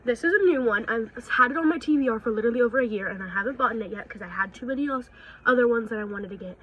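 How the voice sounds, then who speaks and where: A young woman vlogging at home into her phone camera, gushing and excitable, swearing casually. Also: on the high side, rapid-fire, dull audio, a little hiss or hum. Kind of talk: casual vlog chat. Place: at home indoors.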